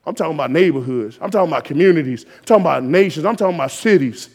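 A man preaching a sermon, exhorting his listeners and rising to loud emphatic peaks. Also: fairly high pitch, expressive, racing, breathy edge. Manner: exhorting, call-and-response rising to shouted emphasis.

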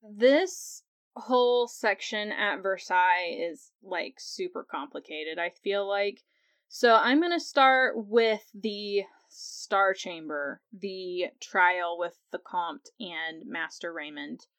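A woman's voice: slow pace, fairly bright tone, clean tone, dry recording, studio quality. Chatty young woman recapping an episode. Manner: chatty, laughs often, acts out quotes in a higher voice. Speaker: podcast host.

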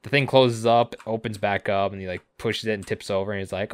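A man co-hosting a podcast, recapping episodes casually with sarcasm, swearing and quick character impressions. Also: on the low side, steady tone, smooth, dry recording. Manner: sarcastic, swears a lot, acts out characters' lines. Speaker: podcast co-host.

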